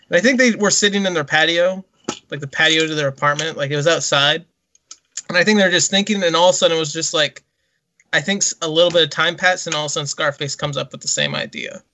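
Joking man with a high, bright voice. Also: fast, a little hiss or hum. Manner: joking, theatrical retelling. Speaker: podcast co-host. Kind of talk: casual film discussion.

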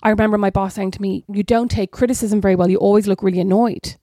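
A woman's voice: mid-range voice, steady tone, fast, dark tone, no room sound, clean studio sound. A woman in her thirties co-hosting a podcast, chatting candidly and mocking herself, swearing freely. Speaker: podcast co-host. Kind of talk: casual sisters' chat.

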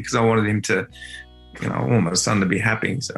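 A middle-aged man with an Australian accent tells a personal story in a heartfelt, reflective way. His voice sits at an ordinary middle pitch. Quiet guitar music plays underneath him. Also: brisk, creaky. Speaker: father and guitar teacher.

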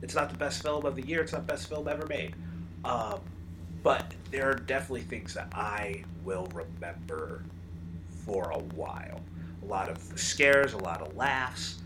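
A man co-hosting a casual movie review podcast, animated and acting out scenes as he talks. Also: medium pitch, moderate pace, noisy background. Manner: animated, acts out scenes in bursts. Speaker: podcast co-host.

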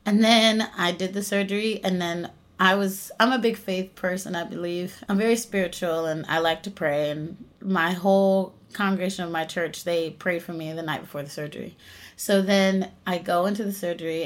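A young woman from the United States, an actress and singer, chatting in an interview and telling stories with frequent laughter. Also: fairly low pitch. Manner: animated storytelling, laughs often. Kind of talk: casual interview chat.

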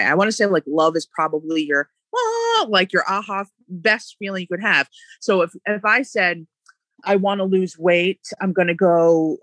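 A woman talks mindset in a lively, emphatic way, slipping into quick acted-out voices as she makes her points. Her voice is bright and forward. The sound is close and dry, with no room around it. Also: on the low side, no echo. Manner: animated, emphatic, acts out quoted voices. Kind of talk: casual motivational chat.

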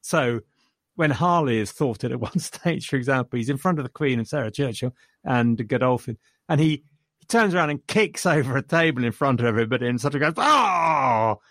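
A man's voice: medium pitch, brisk, fairly bright tone, no echo, studio quality. Chatty man reviewing a film. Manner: enthusiastic, chuckling retelling of scenes. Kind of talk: casual film discussion.

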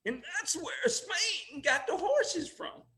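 Older man, animated high voice, emotional, laughs while talking, slow pace. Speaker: guest. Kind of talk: oral history storytelling.

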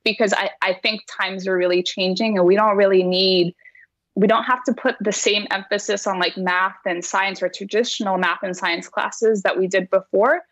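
A woman's voice: medium pitch, steady tone, moderate pace, fairly bright tone, no echo, muffled recording. A woman math teacher speaking earnestly in a casual conversation, often laughing as she talks and filling her sentences with "like.". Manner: earnest, laughs while talking, many "like"s.

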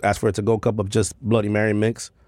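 A man's voice: on the low side, completely flat delivery, fast talker, darkish tone, no room sound, clean studio sound. A man chatting casually on a podcast about bartending, loose, profane and full of slang. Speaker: podcast co-host, airport bartender. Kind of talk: casual chat.

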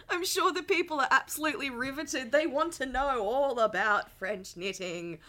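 A woman's voice: sits high, moderate pace, pushed and bright. A woman in her thirties co-hosting a podcast, with giggly, sweary banter and casual chat. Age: 30s. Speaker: podcast co-host.

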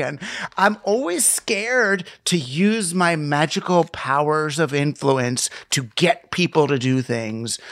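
A man hosting a podcast in casual conversation, animated and thinking aloud, often restarting his sentences. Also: fairly high pitch. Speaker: podcast host.

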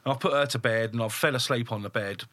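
A man's voice: mid-range voice, fast, bright, forceful tone, dry recording. A man in his thirties, a builder and business owner, telling a story bluntly and with lots of swearing. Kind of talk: casual podcast storytelling.

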